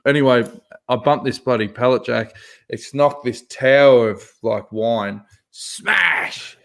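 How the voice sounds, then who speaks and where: Male podcast co-host, mid pitch, animated profane storyteller. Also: unhurried. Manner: animated, swears freely, laughs through his own story. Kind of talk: casual storytelling chat.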